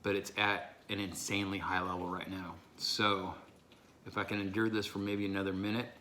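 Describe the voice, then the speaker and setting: Deep, bright-toned man reviewing a hot sauce, voice strained from the burn, faint room noise behind. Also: flat delivery. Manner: breathy, gasping, pausing to recover. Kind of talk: casual vlog talk to camera.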